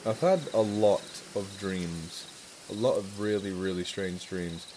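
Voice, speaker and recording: A man with a mixed northern English accent hosts a casual live stream Q&A in a fairly low voice. He chats eagerly about animals and swears without a second thought. A faint noise sits under the recording. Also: measured pace. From England. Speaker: charity live stream host.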